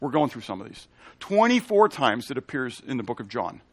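A man's voice: mid-range voice, sing-song, brisk, slightly rough, no room sound. A man preaching a teaching sermon in a conversational way, often checking in with "okay?" and explaining Hebrew and Greek terms. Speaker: pastor.

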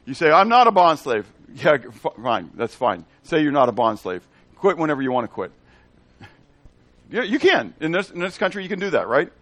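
Guy teaching the bible, lively up-and-down delivery, tosses questions at the audience, dry sound. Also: fairly high pitch, no room sound. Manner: conversational, keeps checking in with the audience; asks the audience questions and repeats phrases.

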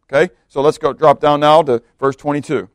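A man's voice: fairly high pitch, fairly even intonation, fairly quick, no room sound, clean studio sound. A male pastor giving a conversational sermon, often stopping to ask his listeners questions and reading scripture aloud. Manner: conversational preaching with repeated rhetorical questions.

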